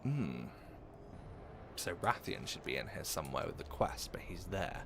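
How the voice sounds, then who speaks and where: A man's voice: sits low, big pitch swings, measured pace, fairly bright tone, slight background noise. A young British man from England, live-streaming a game and chatting jokily with his viewers. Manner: chatty, jokey, reads and answers chat. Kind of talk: casual live-stream chat while gaming.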